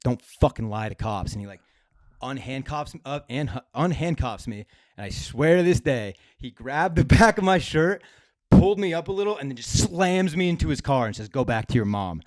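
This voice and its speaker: A young man co-hosting a comedy podcast, telling an animated, profane story in casual chat. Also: on the high side, moderate pace, no echo, clean studio sound.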